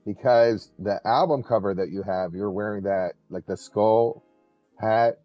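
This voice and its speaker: Low-voiced host with a Baltimore accent. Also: male voice, a little slow, dry recording, highs cut off, soft background music. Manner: brief reactions and laughter, easygoing questions. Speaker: podcast host and interviewer. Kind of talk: casual interview.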